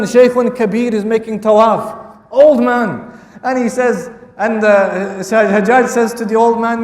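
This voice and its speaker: A man's voice: high-pitched, moderate pace. A male lecturer telling Islamic historical stories, repeating key phrases for emphasis and mixing Arabic quotes with English. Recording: echoey hall from far off.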